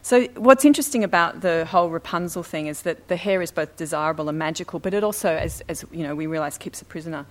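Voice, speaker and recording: Low-voiced woman co-presenter, emphatic and chatty, speaking to an audience. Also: steady tone, fast talker, hardly any pauses. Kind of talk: presentation with slides. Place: talk before an audience.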